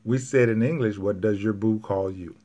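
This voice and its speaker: A man's voice: fairly low pitch, moderate pace, dark tone. A man teaching Spanish grammar to a class, patiently repeating each point step by step.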